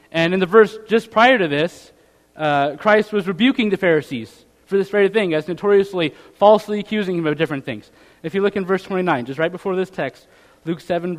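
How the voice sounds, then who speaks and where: Male preacher, high voice, casual sermon delivery with tag questions and scripture reading; long reverb of a hall. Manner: reads scripture aloud in old-fashioned wording.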